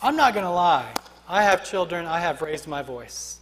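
A man's voice: fairly high pitch, lively intonation, moderate pace, a bit bright, in a large hall. A man preaching a sermon as pastor, emphatic and rhythmic, building his points through repeated refrains.

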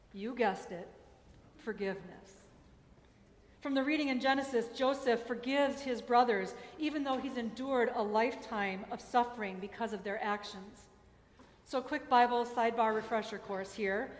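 A woman pastor reading scripture and preaching a sermon in a candid, personal way, with emphatic asides. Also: fairly high pitch. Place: church sanctuary. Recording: echoey church hall.

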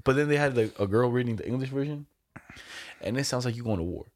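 A young man telling a story in a casual chat, relaxed and profane, slipping into quoted voices. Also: medium pitch, fast talker.

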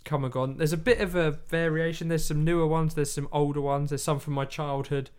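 A man's voice: on the high side, steady tone, fairly quick, clear, resonant tone. A man in casual chat, retelling a film plot in a rambling way and acting out lines. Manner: rambling storytelling, acts out quotes.

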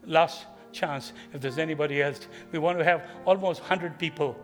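A man preaching an altar call, pleading with listeners to stand and repent, then praying over them, swinging between fervent bursts and hushed prayer. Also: a little high, normal speed, long reverb tail, faint music behind.

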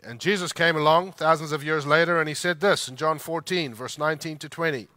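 Bright, high-voiced male preacher. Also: fairly even intonation, dry recording. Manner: emphatic, slows down to stress scripture lines. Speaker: pastor. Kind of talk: sermon.

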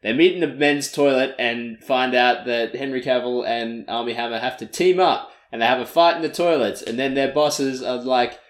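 A man's voice: mid-range voice, moderate pace, few pauses, reverberant. A man co-hosting a podcast, recapping a film in casual chat with lots of fillers and restarts. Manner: rambling, filler-heavy recap with laughs. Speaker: podcast co-host.

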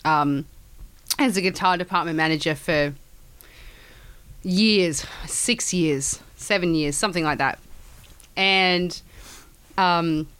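A woman's voice: fairly low pitch, clean tone. A woman in her thirties with an Australian accent, telling stories in casual chat, acting out the people she quotes and swearing freely. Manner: animated, acts out quoted voices, swears freely. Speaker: storyteller.

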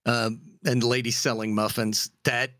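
A man co-hosting a podcast with a bright, forceful voice that sounds very dry and close to the mic. He chats casually and acts out comedy bits in animated retellings. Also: medium pitch, a little slow, no echo. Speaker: podcast co-host. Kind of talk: casual chat.

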